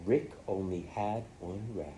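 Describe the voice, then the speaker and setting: A woman's voice: very deep voice, a little slow, warm tone, a little hiss or hum. A woman student in a phonics lesson, hesitantly sounding out words letter by letter.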